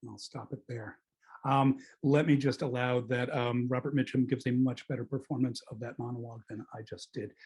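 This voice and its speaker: A middle-aged male film critic leading a relaxed film club talk. His voice is husky and mid-pitched, and he wanders through his points with pauses and self-corrections. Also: poor audio. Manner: discursive, hesitant, self-correcting. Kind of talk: casual film discussion.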